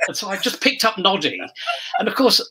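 An older man, a guest telling lively anecdotes and laughing often. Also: high-pitched, fairly quick, husky, poor audio. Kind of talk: casual reminiscing chat.

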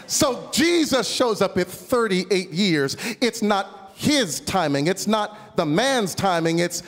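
High-voiced preacher in a booming hall. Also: male voice, big pitch swings, takes it slowly, few pauses, some chatter behind, a little hiss or hum. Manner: humorous storytelling, calls out to the congregation. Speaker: pastor. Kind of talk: sermon. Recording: long reverb of a large hall.

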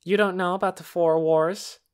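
A man's voice: high-pitched, fairly even intonation, normal speed, clean tone, pitched above the performer's own voice, close to an everyday voice. A man voicing a smug, self-important boy who talks in a precise, teacherly way in an audiobook. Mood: lecturing. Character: smug know-it-all boy, superior. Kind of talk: audiobook character reading.

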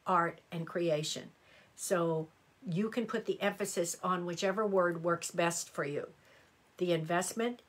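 Her voice low-leaning and slightly rough, a middle-aged woman reads horoscopes live as an astrology reader. She's chatty and full of exclamations, answering comments from viewers as she goes.

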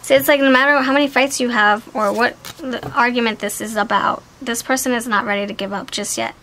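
A woman giving a casual, chatty tarot card reading, animated and talkative. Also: on the high side, fairly quick, slight background noise, rough recording. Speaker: tarot reader.

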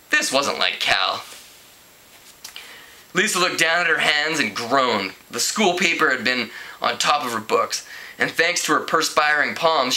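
A man reads a teen novel aloud in a relaxed, unpolished way. His voice is very bright and a bit high, and he lifts it further for the dialogue. He often stumbles, restarts words, and chuckles at the plot. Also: rough recording. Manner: stumbling over words and correcting himself; voices characters with raised pitch. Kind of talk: casual read-aloud narration.

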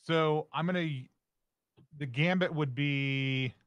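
A man's voice: a little high, slow, fairly bright tone, clear, resonant tone, no room sound. A man playing a tabletop game who hesitates and restarts his sentences while deciding his moves. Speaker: player. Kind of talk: casual tabletop game play.

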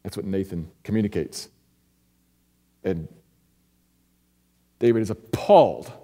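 A man preaching an expository sermon as pastor, earnest, moving between hushed, quiet stretches and emphatic rises. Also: low voice, unhurried. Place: church sanctuary. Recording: echoey church hall.

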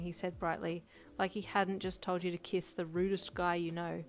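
Low-voiced woman narrating fan fiction. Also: level tone, normal speed. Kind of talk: second-person story narration. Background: faint music.

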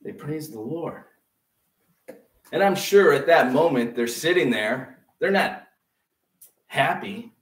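A man preaching a sermon as pastor, lively and conversational, full of rhetorical questions. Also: fairly high pitch, slow, long pauses. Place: church sanctuary. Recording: roomy sound from a distance.

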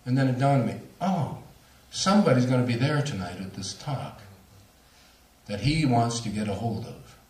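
A man, a speaker on near-death experiences, telling a story to a lecture audience with animated, laughing delivery. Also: mid-range voice, moderate pace, roomy sound, distant mic. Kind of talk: storytelling at a talk.

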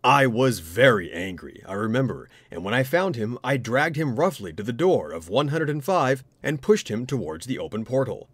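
Man, spooky story narration, animated rising and falling delivery, dry close mic. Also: medium pitch, moderate pace, few pauses, no echo. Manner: expressive, dramatic reading. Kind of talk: scripted ghost story narration.

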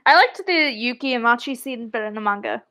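Woman, co-host, casual chat, agreeable, bright tone. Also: fairly high pitch, animated, quick pace. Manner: agreeable, chimes in, laughs a lot. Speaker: podcast co-host.

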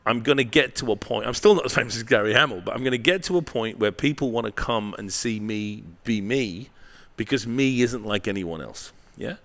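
A man's voice: mid-range voice, fairly quick, hardly any pauses, a bit bright. A man, a marketing professor guesting on an interview, telling a candid story with blunt swearing and frequent tag questions.

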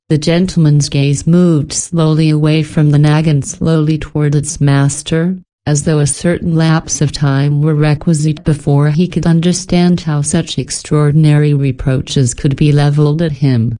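A woman reads a classic adventure story aloud as an audiobook narrator. Her voice is low and mellow, and she keeps an even, measured storytelling pace. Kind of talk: scripted narration.

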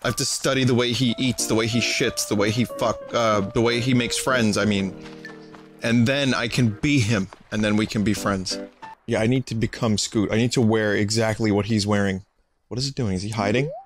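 A man's voice: on the low side, fairly even intonation, moderate pace. A man streaming a life-sim game, rambling in sarcastic, profane commentary. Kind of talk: let's play commentary. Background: game music.

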